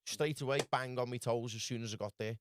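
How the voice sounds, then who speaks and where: Telling a casual, rambling travel story as a podcast guest, this Liverpool man speaks with a Scouse accent and keeps repeating "lad" and "do you know what I mean." His medium-pitched voice stays level at a quick pace. There's noise in the background.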